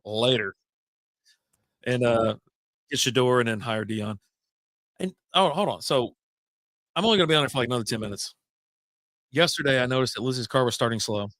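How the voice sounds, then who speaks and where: A man hosting a relaxed happy-hour podcast, talking in a mid-pitched voice. He rambles from one anecdote to the next, drops casual curses, and sounds dry and close to the mic. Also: a little fast, pauses often, dry recording. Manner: rambling, jumps between stories, swears casually. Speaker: podcast host. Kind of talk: casual beer chat.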